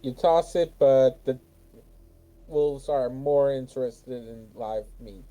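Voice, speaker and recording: A man running a tabletop game over voice chat, his tone very dark and mellow. He narrates loosely and casually, stumbling and restarting mid-sentence as he describes what happens. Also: mid-range voice, takes it slowly, lo-fi sound, faint music behind. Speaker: game master.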